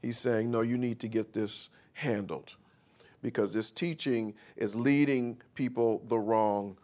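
A man preaching a sermon, reading scripture slowly and explaining it, calling out questions for the congregation to answer. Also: fairly even intonation. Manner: call-and-response with the congregation; reads scripture slowly then explains, rising louder and higher.

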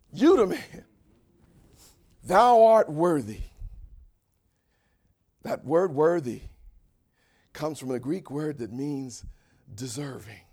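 Preaching with a mid-range voice, a male pastor moves from hushed asides to shouted, stretched-out lines. At points he guides the congregation as they read scripture aloud together.

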